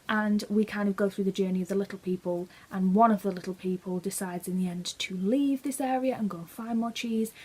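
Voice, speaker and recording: A woman's voice: medium pitch, a little mellow, slightly rough, poor audio. A woman talking casually about books she is reading, chatty and opinionated, with small restarts as she thinks aloud. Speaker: book vlogger. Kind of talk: casual book review chat.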